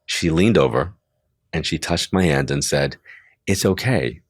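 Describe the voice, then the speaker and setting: Older male medium, very deep and close-miked, chatty storyteller who acts out voices in his anecdotes. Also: moderate pace, no room sound. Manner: chatty, full of "like" asides. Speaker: psychic medium. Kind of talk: interview storytelling.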